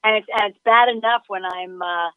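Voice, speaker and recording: A woman chatting on a radio show about a sailing race, telling animated stories and laughing often. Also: mid-range voice, moderate pace, smooth, no echo, narrow, tinny audio. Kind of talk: casual radio chat.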